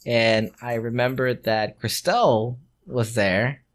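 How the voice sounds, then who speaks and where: Unhurried and mid-range, a man's voice carries a story on a podcast he co-hosts. In easygoing conversation he curses freely, breaks into laughter, and performs the voices of the people he's quoting.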